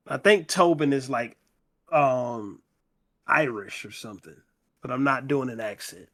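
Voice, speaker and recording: A man hosting a book club podcast, retelling a novel's scenes in a casual, conversational way and reading the characters' lines in his own voice. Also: mid-range voice. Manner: slow, conversational retelling with quoted dialogue read in plain voice.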